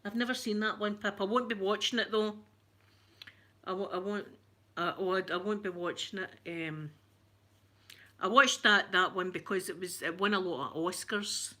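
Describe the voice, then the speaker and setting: Woman, casual stream chat, emotional, sharp bright tone. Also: mid-range voice, normal speed. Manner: chatty, emotional, open about feelings. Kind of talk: casual chat answering viewers.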